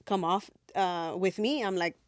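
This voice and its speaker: A woman co-hosting a podcast in casual chat, animated, repeating words as she thinks aloud. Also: medium pitch, unhurried, no echo. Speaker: podcast co-host.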